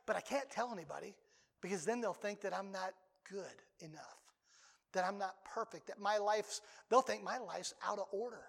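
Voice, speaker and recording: An older man preaching a sermon as a pastor, talking conversationally and breaking into sudden loud outbursts. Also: high-pitched, creaky, big-room sound.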